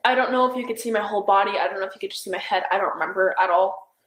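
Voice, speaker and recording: A woman's voice: medium pitch, racing, fairly bright tone, reverberant, rough recording. A young woman in a police interview, recounting events in a hesitant, rambling way full of "like" and "I don't know". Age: young adult.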